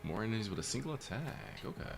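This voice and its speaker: A man's voice: on the low side, sing-song, quick pace, creaky, noisy background. A man hosting a casual let's-play stream, joking loosely and swearing freely as he plays and signs off. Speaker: streamer and show host.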